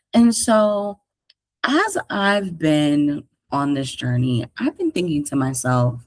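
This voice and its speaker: Low-voiced, lively New York woman. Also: no echo. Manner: slangy, animated, talks straight to listeners. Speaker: career coach and podcast host. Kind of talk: casual solo podcast monologue.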